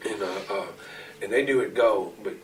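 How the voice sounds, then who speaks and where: A man's voice: on the low side, normal speed. A man in his forties telling rambling, profane stories as a wrestler in an interview. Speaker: pro wrestler interview guest. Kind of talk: shoot interview storytelling. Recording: distant mic, noisy room ambience.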